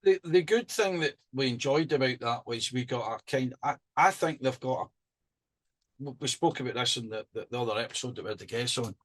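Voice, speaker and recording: A podcast co-host with a medium-pitched voice talks a little fast in casual chat. He rambles, restarts often, and punctuates his points with lively rising emphasis.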